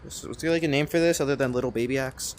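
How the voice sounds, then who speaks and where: A man giving let's-play commentary, rambling and excitable, swearing often and talking to himself as he plays. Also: medium pitch, very fast, noisy background. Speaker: gamer playing a cooking game.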